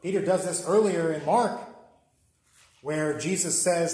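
Male Bible study teacher, conversational, fairly high voice, keeps asking "right?". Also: unhurried, darkish tone. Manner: conversational, checks in often with "right?".

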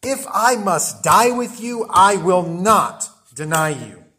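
A man's voice: mid-range voice, expressive, brisk, a bit bright, echoey room, natural voice. A man voicing a boastful, impetuous disciple who protests emphatically. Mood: protesting.

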